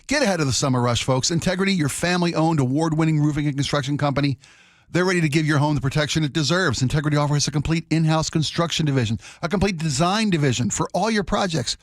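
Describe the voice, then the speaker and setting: A man's voice: a little high, fast talker, dry recording, clean studio sound. A man co-hosting a radio talk show, playful and teasing, bantering and reading a live ad. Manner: playful, teasing, jumps into mock voices. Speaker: radio co-host. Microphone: studio mic.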